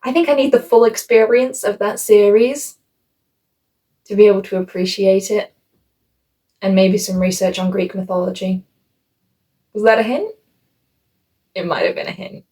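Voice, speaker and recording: A woman's voice: mid-range voice, moderate pace, long pauses, mellow. A woman reviewing a book on her vlog in a chatty, rambling, self-mocking way, shifting her voice for quoted asides.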